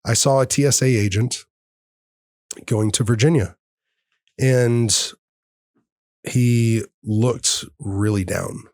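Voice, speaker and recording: A man's voice: medium pitch, slow pace, long pauses, darkish tone, dry recording, studio quality. A man in his thirties, a podcast host, telling a personal story in an earnest, heartfelt way and acting out the dialogue. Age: 30s. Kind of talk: personal storytelling in casual conversation.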